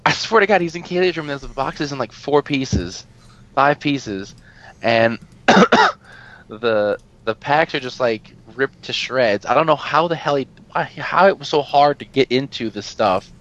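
A man telling a story in casual chat, animated and exasperated, swearing freely and laughing often as he talks. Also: medium pitch, unhurried, lo-fi sound. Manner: laughs often while talking. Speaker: podcast co-host telling a story.

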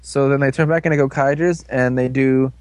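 A man giving an excited, casual recap of an episode, slipping into quick character voices. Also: medium pitch. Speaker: fan commentator.

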